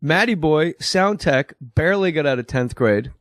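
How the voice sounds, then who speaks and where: A man's voice: on the high side, expressive, normal speed, fairly bright tone, no room sound, studio quality. A male podcast host in casual chat, teasing and wisecracking with some swearing.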